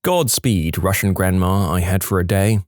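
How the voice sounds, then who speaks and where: A man narrating online stories in an expressive, scripted storytelling manner. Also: low voice, moderate pace, dry recording, studio quality.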